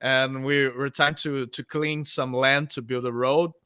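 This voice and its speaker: Man, halting speech. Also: mid-range voice, level tone, pushed and bright, clear, resonant tone, no room sound, clean studio sound. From Brazil. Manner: halting, searching for words. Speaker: podcast guest. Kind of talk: casual chat.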